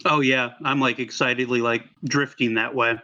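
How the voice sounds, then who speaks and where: A man's voice: mid-range voice, little pitch movement, normal speed, sharp tone, lo-fi sound. A man playing in a tabletop game, eager and rambling with fillers. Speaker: player. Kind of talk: tabletop role-play chat.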